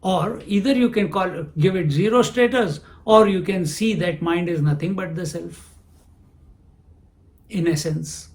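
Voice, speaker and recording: A man giving a spiritual discourse, unhurried, who asks questions and answers them himself. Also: sits high. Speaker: spiritual teacher.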